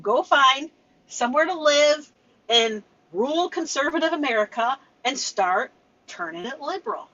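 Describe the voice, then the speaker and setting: Bright high-voiced young woman, lo-fi mic. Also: expressive, normal speed. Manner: playful, giggly, teasing. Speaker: podcast co-host. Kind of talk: casual comedic chat.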